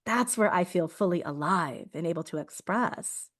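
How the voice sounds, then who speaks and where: A reflective woman talking through personal memories in a relaxed podcast chat. Her voice sits a little low and she breaks into laughter often as she speaks. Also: moderate pace. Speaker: podcast host. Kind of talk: casual spiritual conversation.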